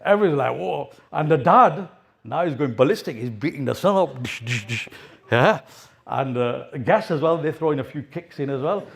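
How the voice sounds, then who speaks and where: A man's voice: on the high side, lively intonation, a little fast, vocal fry, husky. A man preaching a sermon, telling a story with acted-out voices and urging his listeners. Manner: storytelling, acts out voices, exhorting. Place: mosque hall.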